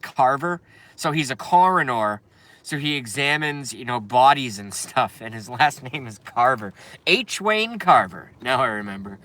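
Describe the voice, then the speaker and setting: Bright-voiced man ranting on a live stream. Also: medium pitch, expressive, measured pace. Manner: profane, ranting, talks to chat viewers. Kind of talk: casual live stream rant.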